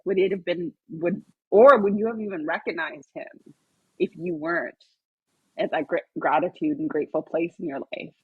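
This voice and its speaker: A woman hosting a podcast in casual conversation, excitable and acting out her own past words as she tells stories. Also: lowish voice, moderate pace, breathy edge, dry recording, lo-fi sound. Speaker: podcast host.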